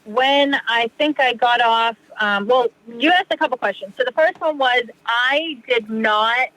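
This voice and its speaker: Woman guest, casual and rambling, bright voice, dry mic. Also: a little high, a little slow, dry recording, poor audio. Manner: rambling, heavy use of "like" and "you know". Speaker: podcast guest. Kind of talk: casual conversation.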